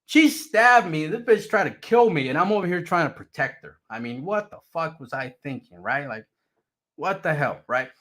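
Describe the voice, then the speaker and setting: A man telling his own story off the cuff, swearing freely and playing up the drama. His voice sits a little higher than most men's and swings widely up and down as he tells it. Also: normal speed. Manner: profane, animated, dramatic retelling. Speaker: streamer telling a personal story. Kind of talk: casual storytelling.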